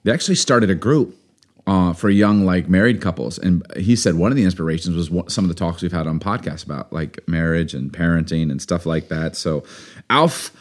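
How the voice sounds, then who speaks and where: Man, very deep voice, podcast co-host, easygoing rambling chat, jokey. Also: fairly quick. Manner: relaxed, rambling, joking.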